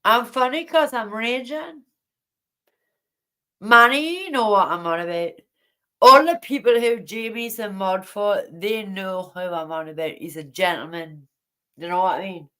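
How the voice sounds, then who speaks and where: A woman speaks in a slow, drawn-out way while hosting a casual livestream from home late at night. She rambles and sounds indignant, breaking off to greet viewers in her chat. Her pitch sits in an ordinary middle range. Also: sharp tone. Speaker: livestream host.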